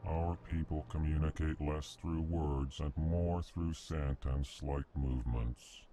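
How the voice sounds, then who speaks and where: A deep, formal elephant-like alien ambassador. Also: male voice, slow, slight background noise. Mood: monotone. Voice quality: flat monotone, names each emotion before speaking. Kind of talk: video game voice acting.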